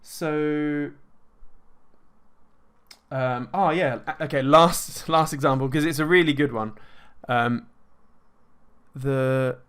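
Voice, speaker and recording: A man talking casually and at length in an energetic, self-assured way, full of fillers and restarts. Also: a little high, slow, long pauses, smooth. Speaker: host answering viewer questions. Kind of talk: casual monologue.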